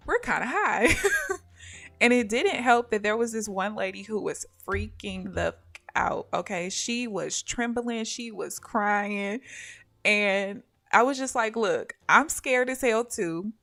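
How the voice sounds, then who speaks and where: Bright-voiced woman trader chatting to viewers. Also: medium pitch. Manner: animated storyteller who addresses viewers as "y'all" and laughs often. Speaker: day trader live-streaming her trades. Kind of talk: casual live-stream chat with trading commentary.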